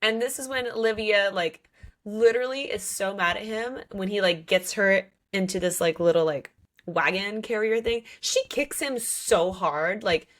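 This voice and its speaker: Woman host, casual book chat, animated and a little profane, mid-pitched. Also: moderate pace. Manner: animated, lots of "like", playful swearing.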